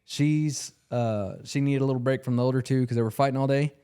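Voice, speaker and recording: A man's voice: medium pitch, steady tone, fairly quick, mellow, clean tone. A young man co-hosting a podcast, telling a personal story in casual chat, earnest and full of fillers. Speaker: podcast co-host.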